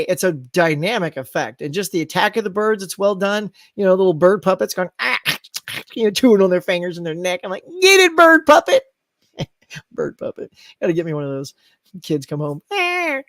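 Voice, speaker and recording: A middle-aged man hosting a live stream, chatting about movies, reading out viewer comments and breaking into loud acted outbursts. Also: high voice, no room sound. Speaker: host.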